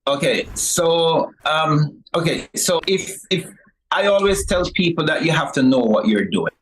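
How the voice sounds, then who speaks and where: A man's voice: fairly high pitch, unhurried, slight background noise, poor audio. A man from Jamaica with a Jamaican accent, a cake shop owner telling stories as a talk show guest, easygoing with many fillers. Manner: relaxed storytelling with many "you know" fillers. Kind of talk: casual talk show interview.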